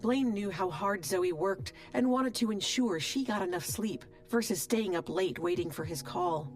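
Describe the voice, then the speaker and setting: A woman at an ordinary middle pitch narrates a romance audiobook. Her telling is steady and expressive. Soft music plays faintly underneath. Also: moderate pace. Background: soft background music.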